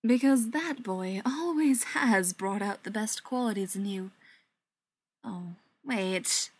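A woman voicing a condescending male vampire elder in an audiobook, speaking in a slow, mocking drawl. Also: medium pitch, slightly rough.

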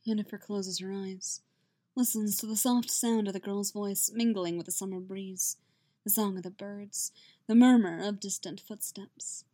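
A woman reading fan fiction aloud in a soft, gentle, unhurried way. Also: medium pitch, fairly even intonation, no room sound. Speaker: narrator.

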